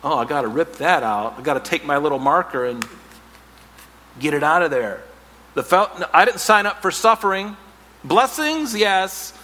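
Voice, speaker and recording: A male pastor preaching a sermon, animated, with playful asides and self-mocking humor. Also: on the high side, normal speed, in a large hall.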